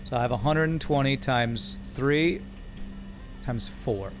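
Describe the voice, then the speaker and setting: A man's voice: mid-range voice, slow pace, over music. A man streaming a building game, thinking aloud and correcting himself as he works through numbers. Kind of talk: live gameplay commentary.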